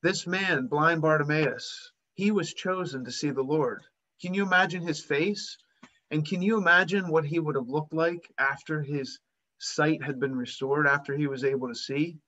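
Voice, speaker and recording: A man's voice: on the high side, moderate pace, bright, forceful tone, dull audio. A man preaching a sermon, retelling a Bible story and acting out its voices with rising emphasis.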